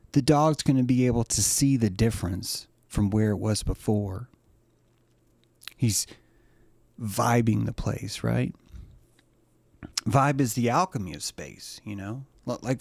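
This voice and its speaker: A man's voice: mid-range voice, a little mellow, no room sound. A man hosting a show, giving a rambling comedic monologue in a profane way and breaking into laughter at his own jokes. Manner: rambling, profane, keeps cracking himself up. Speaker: host.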